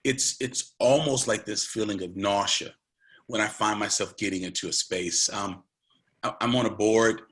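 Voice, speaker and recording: A man's voice: fairly low pitch, fairly even intonation, normal speed, fairly bright tone. A man giving an earnest, conversational online presentation, talking directly to a large audience and emphasizing key points.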